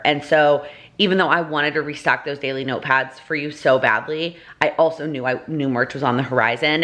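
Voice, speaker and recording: This is a woman in her thirties with a low, deep-set voice, filming a casual vlog at home. She rambles chattily, piling up fillers like "like" and "um" and correcting herself mid-sentence. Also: a bit bright. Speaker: vlogger, mother. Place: home, kitchen table. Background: baby toy noises.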